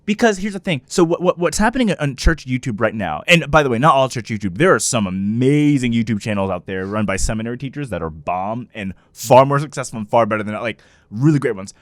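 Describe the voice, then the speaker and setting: Animated man in lively podcast banter. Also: mid-range voice, fast, no room sound. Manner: animated, laughing, jokey emphatic preaching. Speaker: podcast co-host. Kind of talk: casual podcast chat.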